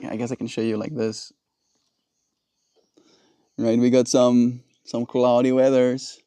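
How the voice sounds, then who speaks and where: A man of middle pitch talks casually to his livestream audience, rambling and exasperated as he vents. His voice sits in a dry space with almost no room sound. It has the loose, unscripted feel of talking into a phone. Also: level tone, measured pace, warm tone, clear, resonant tone, dry recording. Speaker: livestream host. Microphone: phone in vertical livestream.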